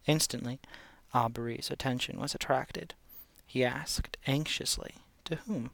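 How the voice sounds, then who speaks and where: A man reading a classic story aloud in a measured way, sometimes stumbling and restarting a word. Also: mid-range voice, steady tone, gravelly, fairly bright tone, no echo. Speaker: audiobook reader.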